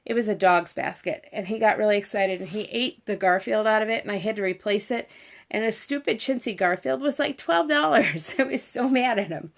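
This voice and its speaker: A woman's voice: medium pitch, fairly quick, vocal fry. Middle-aged lady rambling through a story on a livestream, chatty, keeps talking to her dog. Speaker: vlogger.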